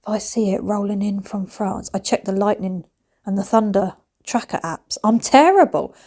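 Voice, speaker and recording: A woman's voice: mid-range voice, moderate pace, dark tone. A woman, chatting animatedly in a home cleaning vlog, dropping to whispers and rising to squeals. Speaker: vlogger. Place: family home.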